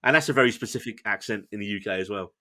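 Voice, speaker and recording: An enthusiastic male podcast host with a bright voice, talking through a show he enjoyed in easy, chatty review mode. He is playful and quick to poke fun at himself. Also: on the low side. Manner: enthusiastic, chatty, self-deprecating. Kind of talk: casual review chat.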